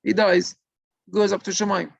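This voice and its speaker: A man's voice: moderate pace, gravelly, dry recording, highs cut off. A man telling a religious moral story, acting out the characters' lines. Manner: animated, acts out the characters' lines with higher pitch.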